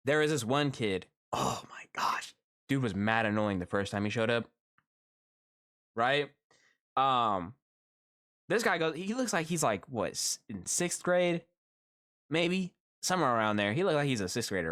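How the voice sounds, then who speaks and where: A man live streaming, telling stories in a casual, slangy way, swearing freely. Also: mid-range voice. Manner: animated, slangy, swears freely, breaks into laughter. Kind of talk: casual storytelling chat.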